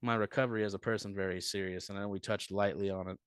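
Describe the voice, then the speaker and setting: Low-voiced, profane comedian telling stories. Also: male voice, steady tone, rapid-fire, fairly bright tone, clear, resonant tone, dry recording, clean studio sound. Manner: profane, rambling storyteller. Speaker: comedian guest. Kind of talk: casual podcast chat.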